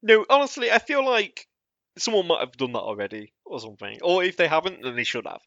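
A man's voice: high voice, big pitch swings, a bit bright, no room sound. A British man chatting on a podcast, chuckling through his points and tripping over restarts. His voice comes through a dull, slightly muffled mic in a dry, dead room. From Britain. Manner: laughs often, halting restarts. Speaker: podcast co-host. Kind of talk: casual chat.

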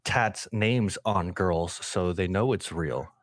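A man's voice: deep voice, slow pace, a little hiss or hum. A man hosting a casual podcast, joking and swearing through laid-back banter. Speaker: podcast host.

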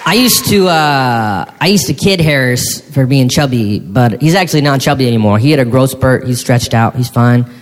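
A man performing a stand-up comedy routine, animated, with mock-shouting asides. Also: mid-range voice, moderate pace, hardly any pauses. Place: comedy stage before an audience. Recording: live hall with reverb, faint noise.

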